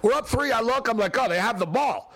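A man hosting a late-night sports radio show, ranting and joking in an excitable, wisecracking way. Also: very high-pitched, fast talker, husky, no echo.

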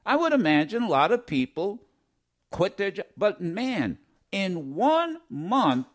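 Hoarse-ish middle-aged radio host guy, rambly, lively up-and-down voice. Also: high voice, takes it slowly. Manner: animated, rambling, emphatic repeats. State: slightly hoarse voice. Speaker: radio talk show host. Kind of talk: call-in radio talk.

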